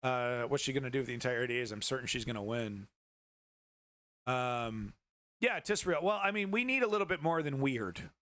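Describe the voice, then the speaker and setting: A man's voice: on the high side, bright, forceful tone, dry recording. A man hosting a livestream news show, giving casual political commentary in a rambling, profane way, with many restarts.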